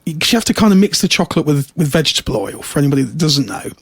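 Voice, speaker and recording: A man co-hosting a podcast, chatting and telling stories with a jokey, playful streak. His voice is husky and his pitch bounces around a lot. The sound is dry and close. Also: big pitch swings, racing, no echo. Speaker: podcast co-host. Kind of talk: casual chat.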